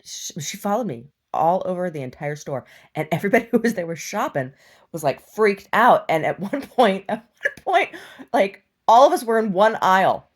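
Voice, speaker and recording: A young adult woman telling a story in a casual, animated vlog rant, laughing and swinging between loud outbursts and hushed asides. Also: medium pitch, moderate pace. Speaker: vlogger.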